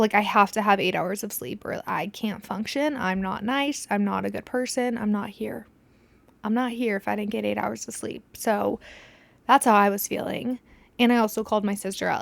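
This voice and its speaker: A woman's voice: mid-range voice, vocal fry, no room sound. A young woman hosting a podcast, telling a story in casual chat, swearing freely and dropping to a whisper when she acts out scenes. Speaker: podcast host.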